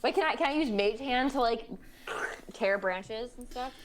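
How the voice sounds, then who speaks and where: A woman's voice: fairly high pitch, expressive, normal speed. A woman playing a tabletop game, earnest and eager, asking questions about her powers. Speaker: player. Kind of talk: tabletop game play, casual chat.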